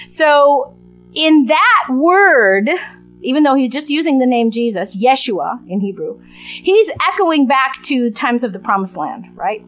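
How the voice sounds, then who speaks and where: A woman preaches a sermon, recounting a gospel story with energy and acting out the crowd's voices. Her voice sits high, and the recording quality is low.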